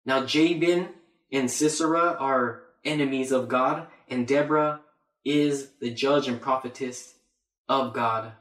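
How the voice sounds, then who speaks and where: A man preaching a Bible sermon, emphatic and repeating his phrases for weight. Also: mid-range voice. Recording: roomy echo.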